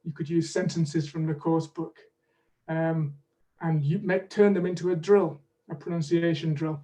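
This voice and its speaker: Man, webinar teacher, high voice, measured explaining, video call, distant from the mic. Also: level tone, mellow. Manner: measured and explanatory, leads drills. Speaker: pronunciation teaching expert, webinar guest. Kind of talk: online teaching webinar with demonstrations.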